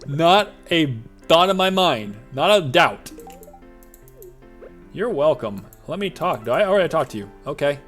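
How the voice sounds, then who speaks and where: Male streamer, fairly high voice, jokey and rambling live gameplay commentary. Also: sing-song, a little slow, long pauses, fairly bright tone, soft background music. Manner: rambling, jokey, self-talking asides. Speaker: VTuber streamer.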